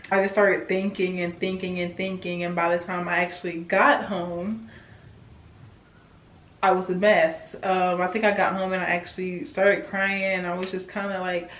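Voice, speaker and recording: A woman's voice: medium pitch, fairly even intonation, a little slow, roomy sound. A woman in her twenties talking candidly in a personal vlog, emotional and self-encouraging. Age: 20s. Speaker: vlogger.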